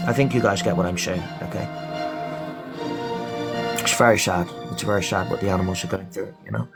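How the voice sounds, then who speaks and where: A man's voice: low voice, steady tone, brisk, creaky, loud music behind the voice. A man hosting a late-night live stream, lecturing callers in a stern, repetitive way. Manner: stern, lecturing, repeats himself. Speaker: livestream host.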